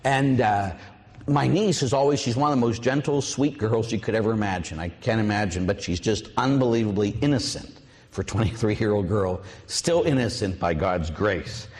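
A middle-aged man, a priest, preaching a sermon with lively storytelling and acted-out voices. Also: on the low side, moderate pace, long reverb tail. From Pittsburgh, USA.

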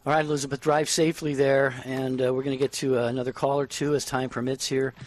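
Male radio host, mid voice, easygoing and measured with callers. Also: medium pitch, little pitch movement. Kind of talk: call-in radio hosting.

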